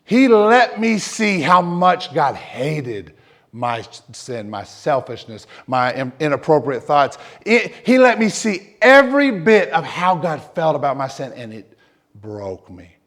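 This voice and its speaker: A man preaching an emotional personal testimony as a pastor, dropping to near whispers and then rising loud and fervent. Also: a little high, sing-song, a little slow. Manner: emotional testimony, swings from hushed to loud, repeats himself. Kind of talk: sermon.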